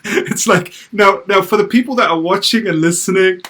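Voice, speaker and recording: A man's voice: sits high, normal speed, a bit bright. A man hosting a conversational interview, adding short reactions and praise. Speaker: host.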